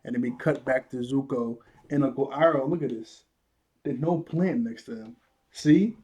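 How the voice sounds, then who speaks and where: A man's voice: mid-range voice, normal speed, breathy edge. A man casually recapping a cartoon episode, acting out the characters' lines and laughing often. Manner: animated retelling, acts out quotes, laughs often. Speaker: show reviewer.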